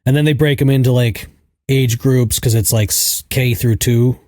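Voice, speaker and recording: Thirties male co-host, warm low register, loose chatty storyteller full of "like"s, dry recording. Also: steady tone, normal speed, no echo. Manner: rambling, filler-heavy with lots of "like". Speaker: podcast co-host. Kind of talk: casual storytelling chat.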